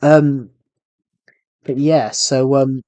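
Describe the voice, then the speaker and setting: A man's voice: mid-range voice, level tone, extremely slow, mellow, no room sound. A young man live streaming a game, telling a rambling, aggrieved story that keeps repeating and restarting phrases. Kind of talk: casual live stream chat while gaming.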